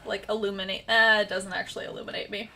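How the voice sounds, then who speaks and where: A woman's voice: mid-range voice, level tone, fast talker, loud music behind the voice. A young woman from the American Midwest with a slight Midwestern accent, chatting casually and rambling on a livestream while she edits her book. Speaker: author livestreaming her editing.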